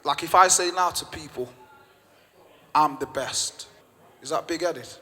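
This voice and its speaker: A man's voice: on the high side, unhurried, sharp tone. Passionate Mancunian man telling a story. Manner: passionate, emphatic, repeats phrases for effect. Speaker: gym owner, podcast guest. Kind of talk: storytelling in conversation. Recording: long reverb.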